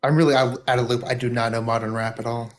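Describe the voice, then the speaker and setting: A man's voice: medium pitch, flat delivery, quick pace, faint music behind. A man from the American South in a casual livestream chat, with dry, self-deprecating sarcasm.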